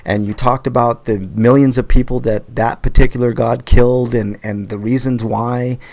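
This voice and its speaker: A man hosting a live podcast in loose, casual chat. He gets animated and swears freely, often stumbling over the first words of a sentence before he finds his point. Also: medium pitch, moderate pace. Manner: animated, swearing, repeats words when starting. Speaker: podcast host.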